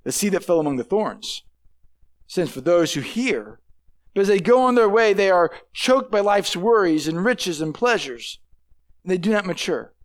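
A man's voice: high-pitched, big pitch swings, moderate pace. A man preaching a sermon in a conversational way, often restarting and repeating words, and acting out quoted voices. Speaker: pastor.

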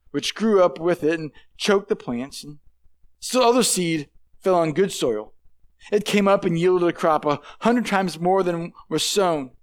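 A man preaching a sermon in a conversational way, often restarting and repeating words, and acting out quoted voices. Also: high voice. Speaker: pastor.

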